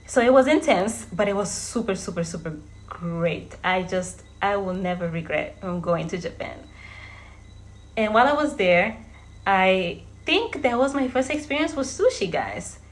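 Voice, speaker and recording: Woman, 30s, from Verde, casual storytelling vlogger, chatty, middle-pitched voice. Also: expressive, normal speed. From Cape Verde. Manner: chatty, often addresses viewers as guys, laughs while telling stories.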